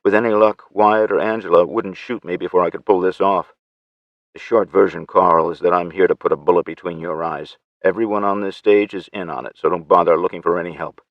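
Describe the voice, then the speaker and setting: A deep, low male voice reading an audiobook in first person, measured and steady. The sound is very dry, with no room around it. The audio is slightly dull and lo-fi. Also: no room sound. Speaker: audiobook narrator. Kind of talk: scripted first-person narration.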